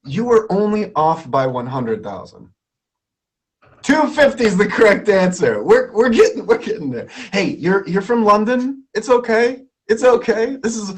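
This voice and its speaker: Lively, playful stream host. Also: male voice, sits high. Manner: playful, laughs often, repeats himself. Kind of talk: upbeat stream chat and quiz hosting.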